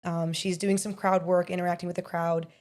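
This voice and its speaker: Young woman, podcast co-host, chatty, animated, casual conversation. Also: on the low side, a little fast. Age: young adult. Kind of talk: casual political podcast chat.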